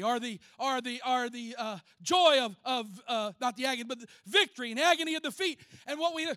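Speaking unusually high for a man, with a bright, forceful ring, a pastor delivers a sermon full of folksy, animated teasing and everyday stories that eventually turn serious. The sound is dry and close-miked, with no room echo.

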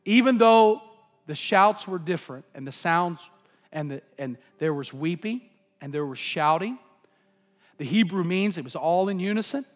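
High-voiced impassioned male preacher. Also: animated, normal speed, big-room sound. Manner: impassioned, repetitive preaching cadence. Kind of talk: Pentecostal-style sermon.

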